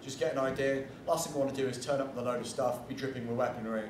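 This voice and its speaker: A man talks through an informal convention panel in a blunt, rambling way, dropping the occasional swear. He sits some way off the microphone, so his mid-pitched voice comes through roomy, with a faint hum of ambience behind it. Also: very fast. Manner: chatty, blunt, digressive, swears casually. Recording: echoey room from far off, faint ambience.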